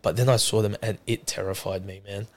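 A man hosting a casual podcast, hoarse after losing his voice, joking and lively. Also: lowish voice, brisk. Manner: joking, animated storyteller. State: hoarse from lost voice. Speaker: podcast host. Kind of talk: casual chat.

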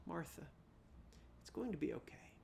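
A preacher voicing Jesus as a calm, gentle man asking questions. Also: mid-range voice, moderate pace, gravelly, a little hiss or hum.

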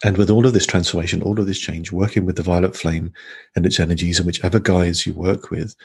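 A man with a very low, flat voice, gravelly and husky. He speaks, hesitant and full of fillers and restarts. The talk is a casual spiritual conversation. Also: fast talker. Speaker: podcast guest.

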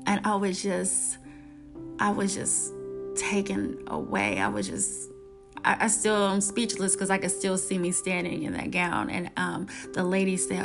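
Gravelly-voiced woman telling her story. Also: medium pitch, a little slow, music in the background. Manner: earnest, repeats her phrases, acts out past conversations. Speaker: speaker sharing her life story. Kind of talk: personal storytelling monologue.

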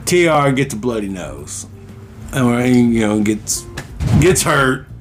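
A man co-hosting a casual podcast, telling a story in an animated way, swearing freely and acting out quoted lines. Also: mid-range voice, slow pace, faint music behind. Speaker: podcast co-host.

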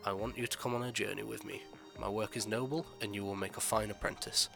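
A man voicing an aged, sinister gentleman who speaks courteously and with quiet menace. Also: lowish voice, steady tone, fast talker, gravelly, over music. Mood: courteous, menacing. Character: aged sinister gentleman, smirking, soft-spoken.

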